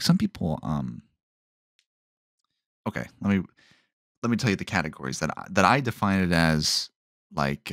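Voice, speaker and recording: A man's voice: low voice, fairly bright tone, no room sound. A man hosting a solo podcast, rambling and stopping himself mid-thought, in a dry tone that sounds sarcastic. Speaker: podcast host.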